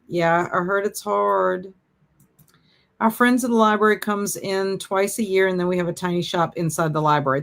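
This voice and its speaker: A woman hosting a casual reading livestream, chatting along and sighing in mock-dramatic dismay. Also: mid-range voice. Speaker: livestream host. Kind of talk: casual chat on a reading stream.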